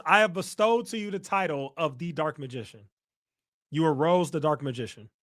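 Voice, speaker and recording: An American man with a high voice hosts a casual livestream, reading the chat aloud while teasing and mocking a viewer. The audio is studio quality with no room sound.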